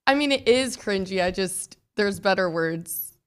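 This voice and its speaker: A woman chatting on a sports talk radio show in a measured, thoughtful way. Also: mid-range voice, expressive, a little hiss or hum. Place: radio studio.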